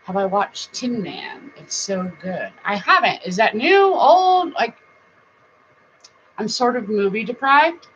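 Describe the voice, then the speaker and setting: A middle-aged woman hosting a casual live-stream chat, rambling warmly, laughing often and now and then breaking into song. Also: a little high, lively intonation, slow. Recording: dull lo-fi sound with faint noise.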